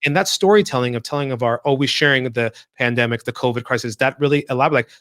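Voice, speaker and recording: A man hosting an interview podcast, talking with enthusiasm in halting, rambling sentences. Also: mid-range voice, fairly bright tone, dry recording, clean studio sound. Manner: enthusiastic, halting, restarts and fillers. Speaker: podcast host. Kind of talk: casual interview chat.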